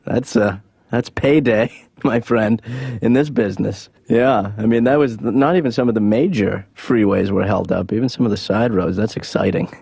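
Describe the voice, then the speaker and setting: An actor playing an aimless, sarcastic young adult son in a cartoon, with a dry, mumbling, deadpan delivery. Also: male voice, lowish voice, moderate pace, gravelly, husky, no room sound. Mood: offhand. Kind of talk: cartoon voice acting.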